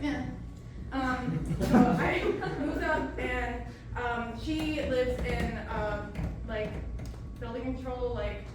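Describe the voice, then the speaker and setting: A woman's voice: on the high side, far from the mic, noisy background. A woman doing a live stand-up set, telling a story in a rambling, self-deprecating way with many ums. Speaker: stand-up comedian. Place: small comedy club stage. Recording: echoey club room, mic heard from afar.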